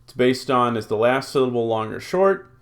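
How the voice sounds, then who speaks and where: Man, Greek teacher, recorded lecture, gravelly voice with some fry, slow drilled word forms, frequent fillers. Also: medium pitch, animated, a bit bright. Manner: drills word forms slowly, then reads rules out; thinks aloud with many ums and uhs.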